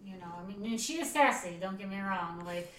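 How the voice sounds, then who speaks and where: A woman's voice: mid-range voice, lively intonation, brisk, fairly bright tone, slight background noise. A woman chatting casually with lots of fillers. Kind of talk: casual chat. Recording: echoey room, mic far off.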